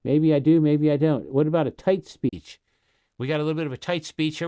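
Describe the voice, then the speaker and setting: Laid-back guy demoing a mixer, jokes around, slightly high voice. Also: fairly quick, mellow, low-quality recording. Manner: casual, jokey, asks listeners questions. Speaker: gear reviewer. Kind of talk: product demo talk.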